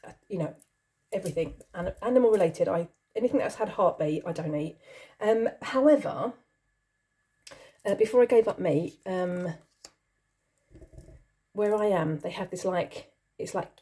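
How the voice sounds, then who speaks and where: A woman's voice: fairly low pitch, warm tone. A middle-aged woman chatting casually as she answers a list of questions, rambling, giggly and self-deprecating. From not from the country she lives in. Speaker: channel host.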